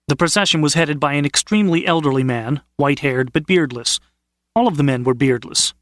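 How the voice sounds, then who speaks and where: A man narrating an audiobook in a measured, steady storytelling manner. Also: a little high, no room sound, studio quality. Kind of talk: scripted narration.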